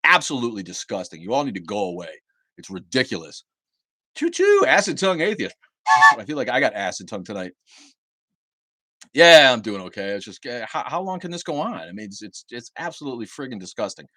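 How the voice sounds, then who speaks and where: Fast and sing-song, with a sharp tone at medium pitch, the man's voice comes through a dry recording. Hosting his own stream from home, he delivers an angry rant laced with swearing, frequently repeating and restarting words.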